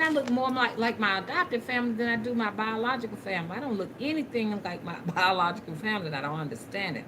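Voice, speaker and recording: A woman's voice: on the high side, quick pace, few pauses, heavy background noise. A woman, rambling and chatting casually to her viewers during a live stream while she works, with some cussing. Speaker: spiritual reader hosting a live stream.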